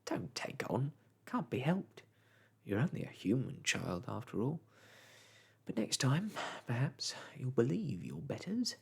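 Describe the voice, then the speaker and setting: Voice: mid-range voice, big pitch swings, a little slow, vocal fry, breathy edge, heavily acted. A reader in a whispered role-play voicing a rude, gloating old male starling in a storybook, jeering and taunting. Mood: gruff.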